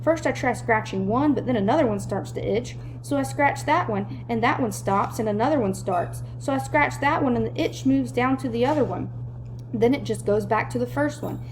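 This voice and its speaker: Lady putting on a whiny little girl, high and complaining, storybook kid. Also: normal speed, a little hiss or hum, close to an everyday voice, rough recording. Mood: whining. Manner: whining. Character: whiny little schoolgirl covered in bites.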